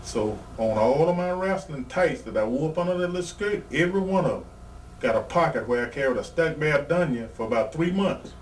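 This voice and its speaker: A retired pro wrestler sits in as a guest for a casual interview, his voice on the high side, expressive and fairly quick. He bluntly rambles through profane stories about his wrestling years, captured by a distant mic over faint background noise.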